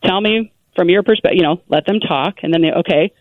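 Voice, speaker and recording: A woman guest giving parenting advice in an earnest, animated conversational way, full of "you know" asides. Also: lowish voice, fast talker, no echo. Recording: tinny phone-like line.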